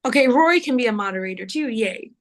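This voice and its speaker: A woman's voice: fairly high pitch, animated, quick pace. A woman with a Kentucky accent co-hosting a live astrology stream in a casual, bubbly, chatty way. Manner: bubbly, uses y'all.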